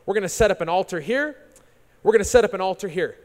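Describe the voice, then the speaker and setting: Guy preaching as a cocky sarcastic old prophet, high voice, taunting, big echoey hall. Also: fast talker, natural voice. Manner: taunting, challenging. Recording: long reverb of a large hall.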